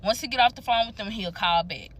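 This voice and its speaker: Young woman, AAVE, casual storytime vlogger, blunt and profane, fairly high bright voice. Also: fast talker. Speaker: storytime creator.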